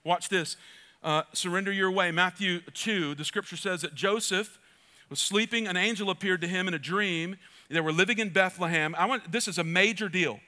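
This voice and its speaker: High bright-voiced male preacher. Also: normal speed. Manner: energetic, joking asides to the congregation. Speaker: pastor. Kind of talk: church sermon.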